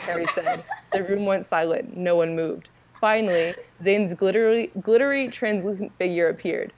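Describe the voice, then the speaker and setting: A woman's voice: on the low side, fairly even intonation, normal speed, a little mellow. Giggly woman reading her own story. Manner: giggly, lots of "like" fillers. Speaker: podcast co-host reading her own fan fiction. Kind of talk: reading a story aloud, then casual chat.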